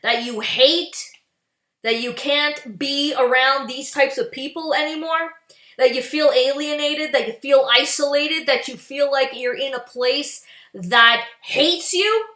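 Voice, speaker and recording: Angry canadian woman swearing through a political rant, high bright voice, slow and echoey. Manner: furious, profane, sarcastic. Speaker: political vlogger.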